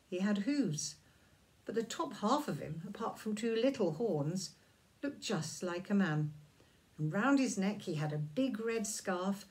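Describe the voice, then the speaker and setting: A woman reading a children's story aloud, in a gentle, drawn-out and expressive manner. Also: on the low side.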